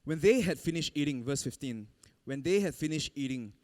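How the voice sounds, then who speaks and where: Male preacher, lively storytelling sermon, fairly high voice. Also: fairly quick. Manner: animated storytelling, laughs often, acts out quotes. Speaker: pastor.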